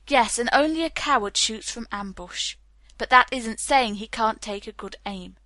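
A woman's voice: fairly high pitch, moderate pace, sharp tone, no room sound. A woman reading the part of a self-assured young man, wry and lightly teasing.

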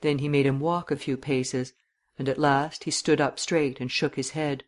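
A man narrating a literary audiobook in a measured, descriptive reading. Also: mid-range voice, level tone.

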